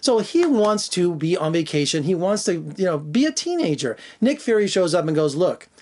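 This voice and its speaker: A man's voice: sits high, very animated, moderate pace, darkish tone. A man giving an enthusiastic, rambling spoken film review, full of "you know" fillers and restarts. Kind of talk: spoiler-free movie review vlog.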